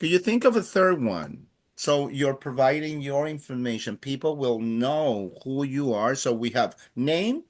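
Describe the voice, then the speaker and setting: A man teaching a beginner Spanish class, explaining patiently and slowly with frequent hesitations. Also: mid-range voice. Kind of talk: classroom language lesson.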